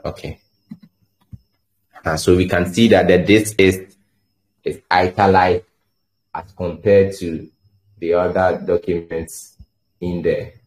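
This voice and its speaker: A man's voice: deep voice, steady tone, takes it slowly, long pauses, a little mellow. A man giving a coding tutorial, explaining step by step and thinking aloud, often stumbling and repeating words as he types. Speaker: coding instructor. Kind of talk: screen-share tutorial explanation.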